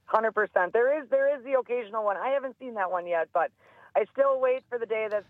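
A woman's voice: on the high side, fast talker, no room sound. Upbeat young woman on a phone line. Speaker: radio show guest. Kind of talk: casual phone chat.

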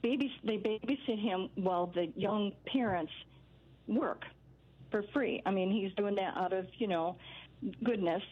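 A woman's voice: mid-range voice, a little slow, husky. An older woman calling in to a radio show, talking in a rambling way with many restarts. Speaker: caller. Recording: dull lo-fi phone line.

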